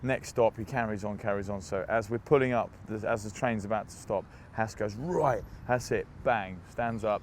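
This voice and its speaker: A young man being interviewed, telling lively anecdotes in a casual, laughing way, recorded outdoors. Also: lowish voice, normal speed, few pauses, a little hiss or hum. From England. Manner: chatty, laughing, animated anecdotes. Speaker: interview guest, rugby player.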